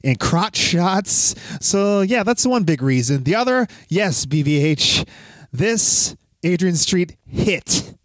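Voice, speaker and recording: Upbeat podcast host with a dry voice. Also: male voice, high-pitched, expressive, slow pace, no room sound. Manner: recaps scenes playfully, cracks jokes. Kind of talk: casual movie-review podcast chat.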